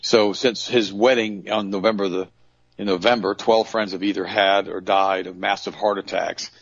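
A man's voice: low voice, fairly even intonation, moderate pace, dry recording. A man giving an earnest, casual monologue, telling anecdotes and often restarting his sentences. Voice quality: gravelly, husky. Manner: earnest storytelling, repeating himself, restarts. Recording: dull lo-fi recording, dry.

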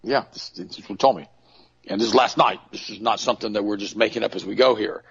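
Gravelly, husky man telling stories. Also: on the low side, fast, fairly bright tone. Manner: earnest storytelling, repeating himself, restarts. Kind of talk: casual monologue with anecdotes. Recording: dull lo-fi recording, dry.

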